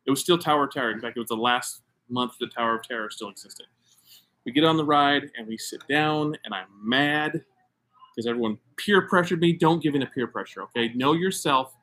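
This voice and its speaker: A man's voice: mid-range voice, a little fast, sharp tone. A middle-aged American man and podcast co-host, telling a story in casual chat with emphatic, self-mocking energy.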